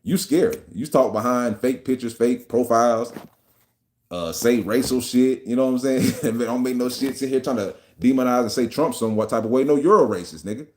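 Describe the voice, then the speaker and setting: A man's voice: medium pitch, fairly quick, darkish tone. A man hosting a podcast, ranting in a profane, combative and mocking way about politics. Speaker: podcast host. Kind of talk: opinion rant on a podcast.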